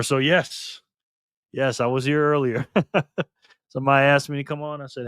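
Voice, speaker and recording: A man hosting a casual live stream, greeting viewers by name in an upbeat, lively way. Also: mid-range voice, clean tone, dry recording, clean studio sound. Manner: slow and earnest when speaking of freedom and tyranny.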